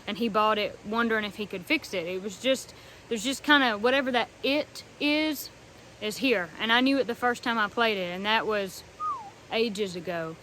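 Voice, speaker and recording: A young woman from North Carolina talking earnestly and warmly about a treasured fiddle, with soft pauses and frequent ums. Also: mid-range voice, a little hiss or hum, low-quality recording. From North Carolina, USA. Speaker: fiddler showing her instrument. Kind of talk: casual heartfelt talk to camera.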